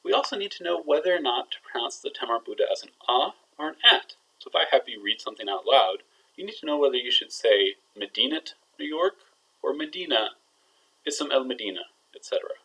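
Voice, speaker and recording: A man's voice: medium pitch, very animated, fairly quick, vocal fry, sharp tone, slightly rough, low-quality recording. A man teaching a recorded language lesson, playful and building suspense as he explains grammar. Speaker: Arabic teacher.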